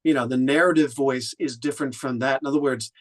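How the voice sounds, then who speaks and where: A man's voice: medium pitch, steady tone, fast. A man from Oklahoma, an audiobook narrator and director, giving conversational feedback with frequent restarts. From Oklahoma, USA. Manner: thoughtful, with frequent restarts and fillers.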